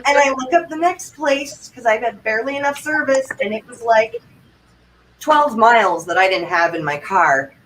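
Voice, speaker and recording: A woman from Vermont, a livestream guest, telling rambling stories in a chatty, animated way. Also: a little high, moderate pace. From Vermont, United States. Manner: chatty, rambling, breathless anecdotes with quoted asides. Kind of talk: casual chat, animated storytelling. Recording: distant mic, faint background noise.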